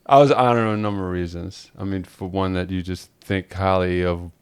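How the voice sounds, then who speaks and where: A man co-hosting a podcast, chatting casually and telling an animated, rambling story with frequent laughter. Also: deep voice, fairly quick, clean tone. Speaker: podcast co-host. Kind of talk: casual chat.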